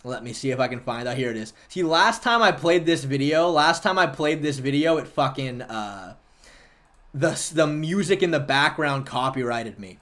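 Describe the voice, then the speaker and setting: A man's voice: medium pitch, expressive, normal speed, fairly bright tone. A man hosting a livestream, chatting casually and argumentatively with viewers and swearing freely. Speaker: livestream host.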